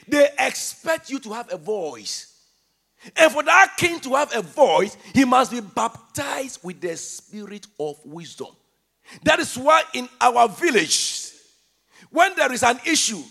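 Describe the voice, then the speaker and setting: High, lively, gravelly-voiced shouting preacher. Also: male voice. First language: not English. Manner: call-and-response, shouting emphatic lines. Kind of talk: sermon.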